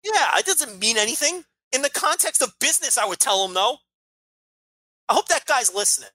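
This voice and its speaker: A man's voice: extremely high pitch, big pitch swings, a little fast, pushed and bright, breathy edge, no room sound. A man co-hosting a podcast, ranting heatedly and swearing freely in casual chat. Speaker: podcast co-host.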